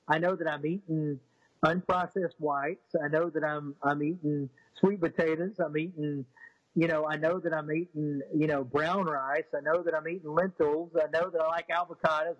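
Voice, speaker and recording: A fairly high, husky male voice tells a story in a casual, rambling way, often restarting his sentences. When he quotes others he gets animated. The sound is dry and a little dull, as if recorded on a lo-fi setup. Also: moderate pace, dry recording. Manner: rambling, with frequent restarts and fillers. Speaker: interview guest.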